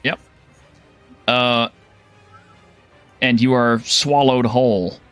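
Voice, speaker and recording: A man narrating as game master of a tabletop game, relaxed and chuckling, with lots of fillers. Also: medium pitch, drawn-out words, clear, resonant tone, faint music behind.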